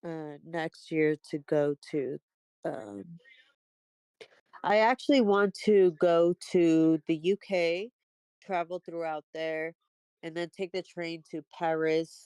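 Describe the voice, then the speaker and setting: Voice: mid-range voice, slow pace, a little mellow, clear, resonant tone, no room sound. A person from the United States chatting casually as a guest on a call, talking in long runs. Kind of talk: casual chat.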